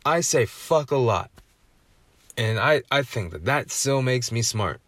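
A man ranting in a casual, profane podcast monologue. He swears freely, keeps asking "right?", and rises to loud indignation. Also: mid-range voice, animated, a little slow, no echo. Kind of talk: profane comedic rant.

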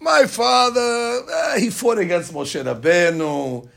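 A man's voice: high voice, takes it slowly, gravelly, fairly bright tone, heavily acted. A man voicing an ancient male psalmist in a storytelling lesson, musing ruefully.

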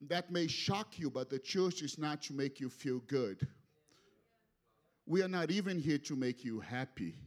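A man's voice: a little high, a little slow. Passionate male preacher. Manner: passionate, animated, repeats words. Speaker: guest preacher. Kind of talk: sermon. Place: church sanctuary.

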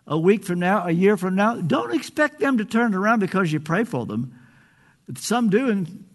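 An older man preaching a sermon, earnest and pleading, stretching out phrases for emphasis. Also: high voice.

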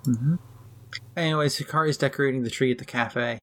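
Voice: mid-range voice, fairly quick. A young adult co-hosting a podcast, chatting casually and wryly with lots of filler words while recapping an anime. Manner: relaxed, wry, many "like" fillers. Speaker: podcast co-host.

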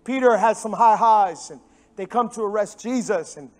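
In a church, a pastor preaches into a microphone in an animated, emphatic storytelling style, swinging from loud stresses to sudden hushed, soft passages. His voice is high-pitched, at normal speed.

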